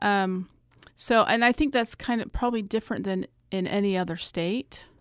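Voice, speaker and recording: A middle-aged woman, a studio guest on a radio panel, explaining her views in a measured way. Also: medium pitch, clean tone, dry recording.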